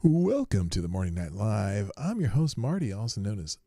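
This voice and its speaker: A man hosting his own livestream show, rambling casually from a home studio, talking softly and laughing at his own asides. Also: on the low side, sing-song, moderate pace, creaky, no echo.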